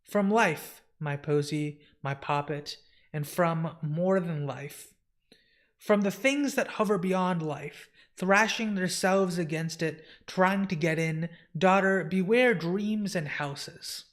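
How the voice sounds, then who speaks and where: A man's voice: sits high, slow pace, a bit bright. Man voicing cryptic ancient fates. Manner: cryptic, archaic endearments. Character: eerie trio of ancient female fates.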